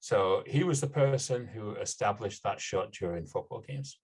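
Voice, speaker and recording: A man's voice: lowish voice, moderate pace, slightly rough. A man hosting a casual film-review podcast, explaining with hedges and fillers. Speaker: podcast host.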